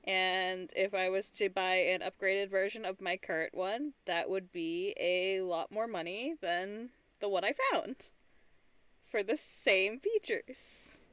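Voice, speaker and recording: A woman's voice: medium pitch, takes it slowly, fairly bright tone, clear, resonant tone, dry recording. A tired woman streamer chatting casually and rambling, with frequent restarts and giggly asides. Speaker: streamer and artist. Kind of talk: casual live-stream chat.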